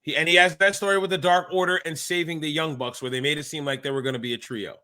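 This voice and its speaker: A man's voice: a little high, fairly even intonation, fast, pushed and bright, clear, resonant tone. A man co-hosting a wrestling podcast, talking in a casual chat as a worked-up fan who rants with emphatic exasperation.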